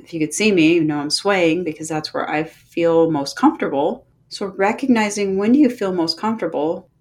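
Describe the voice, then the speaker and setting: A middle-aged woman hosting a podcast, speaking slowly and gently with heartfelt encouragement and many pauses. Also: on the low side. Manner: gentle, slow and unhurried with pauses. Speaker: podcast host and movement coach. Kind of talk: reflective podcast monologue.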